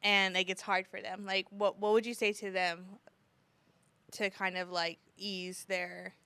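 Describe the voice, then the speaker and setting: A woman's voice: mid-range voice, flat delivery, unhurried, gravelly, pushed and bright, clear, resonant tone, dry recording. A woman hosting a podcast, chatty and emotional, with lots of fillers. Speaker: podcast host. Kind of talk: casual podcast chat.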